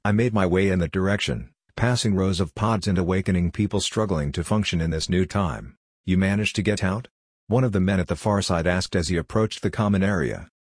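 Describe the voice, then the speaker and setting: A man narrating a first-person story in a measured, steady reading style. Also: low voice, no room sound, clean studio sound.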